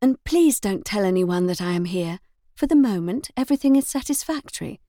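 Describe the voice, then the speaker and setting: A woman's voice: mid-range voice, animated, brisk, dark tone, no echo, clean studio sound, lightly acted. A woman reading the lines of a proud young governess, speaking demurely and coolly in a storybook reading. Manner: demure and cool.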